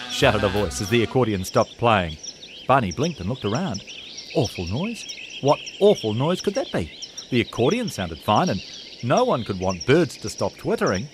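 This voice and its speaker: A man narrating a children's story in an expressive, animated way, with music behind. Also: lowish voice, normal speed, a little hiss or hum. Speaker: storyteller host.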